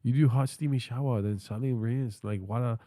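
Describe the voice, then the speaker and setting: A man's voice: medium pitch, a little fast, mellow, no echo. A text-to-speech male voice playing a chirpy AI helper who speaks in clipped, sing-song broken English.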